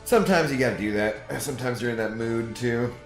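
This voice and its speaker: A man's voice: medium pitch, brisk. A man streaming a game, chatting casually to his viewers in a rambling way with frequent fillers. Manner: rambling, talks to chat with fillers. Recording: echoey room, faint music.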